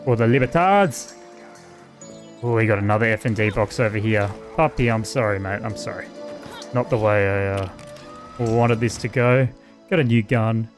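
A lowish voice at normal speed, broken by long pauses, comes from an Australian man hosting a let's-play. He keeps it casual, swears freely, and answers the game's characters, with soft music behind him.

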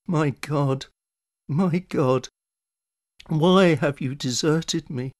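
A man reading scripture aloud, voicing a dying man who cries out in loud, strained anguish. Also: on the high side, very slow, no room sound, clean studio sound, pitched above the performer's own voice.

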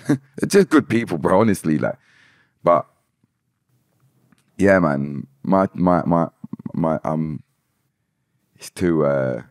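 A man, a musician guest on a podcast, talking in a relaxed, rambling way and often repeating words. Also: deep voice, slow, long pauses, no room sound, clean studio sound. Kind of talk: casual podcast interview.

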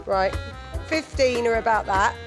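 A woman's voice: fairly high pitch, unhurried. A woman competing on a comedy show, flustered and self-mocking as she works out sums aloud. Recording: music and studio audience behind.

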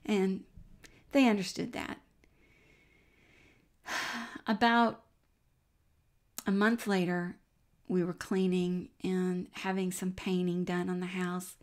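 A middle-aged woman giving an earnest personal faith testimony as a Christian speaker. She tells her story warmly and sometimes drops to a near-whisper. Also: lowish voice, level tone, takes it slowly, long pauses.

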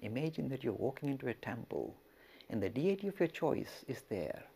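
A male religious lecturer telling a teaching story, with a gravelly, husky voice. His pitch rises and falls widely, and he often turns to speak straight to his listeners. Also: fairly quick. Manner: expressive, addresses listeners directly.

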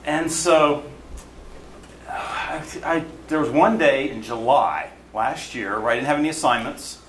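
Animated middle-aged man telling a story. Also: medium pitch, a little slow. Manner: animated storyteller acting out quoted dialogue. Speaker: newspaper photojournalist telling a story at an event. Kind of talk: storytelling talk to an audience. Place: event hall. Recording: echoey room with faint noise.

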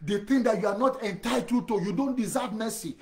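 A pastor preaches in a high-pitched man's voice. He speaks emphatically, hammers home repeated phrases and turns straight to the listener as his brother or friend. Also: fairly quick, darkish tone. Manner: direct address to the listener. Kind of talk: sermon.

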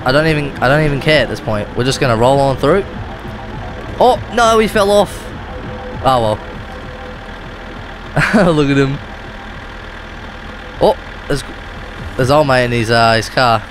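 This Australian-accented gaming video host is very animated yet unhurried, with a medium pitch and long pauses. Music and car engine noise play behind his loose, rambling gameplay commentary, which he often corrects mid-sentence.

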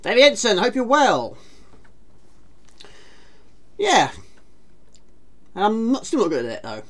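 Her voice slightly high and swooping wildly in pitch, a woman talks slowly while streaming a retro game. She's chatty and self-mocking, welcoming viewers by reading their chat messages out loud.

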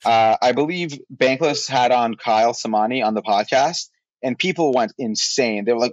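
A man's voice: mid-range voice, moderate pace, dry recording, muffled recording. A man co-hosting a podcast, ranting bluntly and with exasperation, swearing freely. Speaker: podcast co-host. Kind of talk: heated rant in casual podcast chat.

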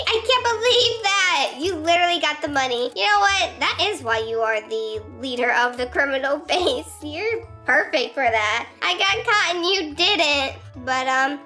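A high-pitched, bright-toned woman narrates her game role-play in an excitable, giggly way, often breaking into shrieks. She talks into a desk mic while faint game music plays underneath. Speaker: gaming YouTuber. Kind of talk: role-play gameplay commentary.

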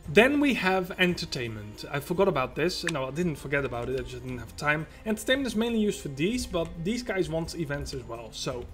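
Very animated and fairly quick with few pauses, a man with a fairly high voice rambles through his own gameplay as a let's play host. He talks to himself and the game over loud game music.

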